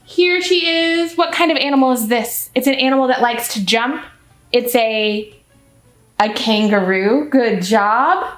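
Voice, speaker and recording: A woman reading a picture book aloud to children as a children's librarian, animated and asking the listeners questions. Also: fairly high pitch, measured pace. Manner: animated, asks the audience questions. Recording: echoey room, faint music.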